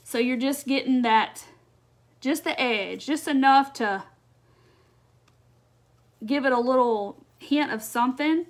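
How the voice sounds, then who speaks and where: A slightly high-voiced woman runs a casual live craft demo from her home craft table. She chats easily, answers viewer comments as she goes, and breaks into frequent laughs. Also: takes it slowly, long pauses. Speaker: craft livestream host.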